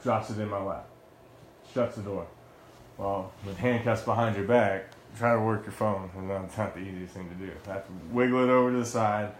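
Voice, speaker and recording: A man's voice: lowish voice, steady tone, moderate pace, reverberant, a little hiss or hum. A young man, a former Marine, telling the story of his own arrest in a heated, blunt way, with swearing and many restarts. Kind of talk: heated first-person account.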